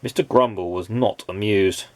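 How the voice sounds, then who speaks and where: A man reading a children's storybook aloud as a dad, in an expressive storytelling way. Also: on the low side, moderate pace, no echo.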